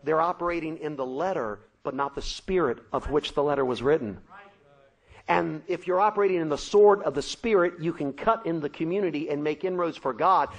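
A man preaching a sermon, telling a story dramatically with shouted sound effects. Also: fairly high pitch, a little fast, rough recording.

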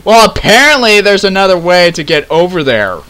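Tired young guy gaming, high swoopy voice, bright, laughs and swears a lot. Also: sing-song, a little fast. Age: young adult. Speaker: gamer recording a playthrough. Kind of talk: casual let's-play chat.

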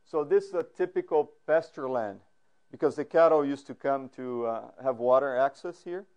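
A man lecturing a class, halting often with fillers and restarts and putting questions to the audience. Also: medium pitch, a little mellow. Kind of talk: academic lecture. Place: lecture room.

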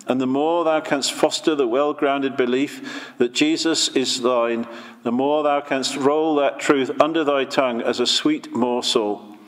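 A man reads an old sermon aloud in a measured, solemn cadence. His voice sits at an ordinary middle pitch. Long reverb hangs behind each phrase. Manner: slow, measured, solemn delivery. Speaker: reader of sermons. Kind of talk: reading a Victorian sermon aloud.

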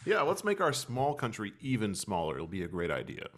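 A man hosting a podcast, telling a funny story in a casual, animated way. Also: lowish voice, fairly quick. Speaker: podcast host.

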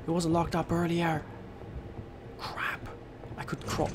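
A man's voice: fairly high pitch, moderate pace, pauses often, background noise. A man giving let's play commentary, panicking, swearing and joking to himself. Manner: panicky, swearing, jokey self-talk. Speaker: game streamer.

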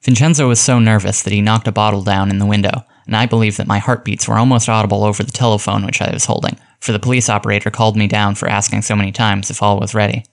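A man reading a detective story aloud as narrator, in a measured, even way. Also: lowish voice, gravelly. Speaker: audiobook narrator.

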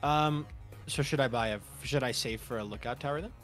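A man's voice: mid-range voice, brisk, a bit bright, soft background music. A man playing as a guest in a casual game session, laid-back and joking. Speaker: guest player. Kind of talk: casual gameplay chat.

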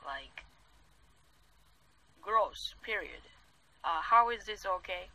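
Indignant ranting vlogger, very bright sharp tone, filler-heavy, non-native phrasing. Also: mid-range voice, expressive, slow pace, slight background noise, rough recording. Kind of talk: angry commentary rant.

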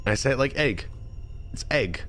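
Male streamer, Californian accent, very lively swooping pitch, rambling and incredulous, keeps repeating words. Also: normal speed, soft background music. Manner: rambling, restarts and stammers. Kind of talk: live gameplay commentary.

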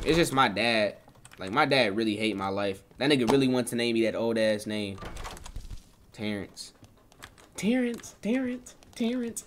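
A young man streaming a game, chatting casually with viewers in loose slang, joking and swinging between loud excited bursts and low mutters. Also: slight background noise. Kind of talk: casual live-stream chat while gaming.

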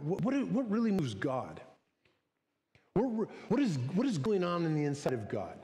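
Chatty pastor in a reverberant hall. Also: male voice, a little high, a little mellow. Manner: chatty, conversational, acts out little quoted voices. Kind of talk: casual sermon. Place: church sanctuary. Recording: church hall with long reverb.

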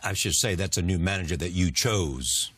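A man's voice: sits low, moderate pace, a loud crowd, heavy background noise. A man hosting a television interview, reading a scripted introduction and then asking probing, conversational questions.

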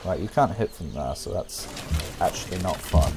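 A young man casually commenting on a strategy game as he plays, thinking aloud, humming and breaking into excited outbursts for viewers. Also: sits low, moderate pace, a little hiss or hum. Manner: talks to himself and viewers, hums, excitable outbursts. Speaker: gameplay commentator. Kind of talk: casual let's-play commentary.

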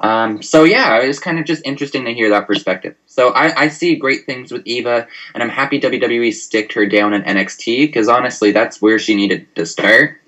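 A man co-hosting a casual podcast chat, relaxed and swearing freely. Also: mid-range voice, a little fast, hardly any pauses, dull audio. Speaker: podcast co-host.

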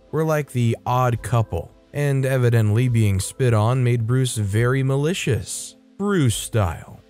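A man narrates a workplace story in a playful, sarcastic storytelling manner. His voice is warm and mellow at an ordinary pitch. Faint music plays quietly behind him. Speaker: storytelling channel host.

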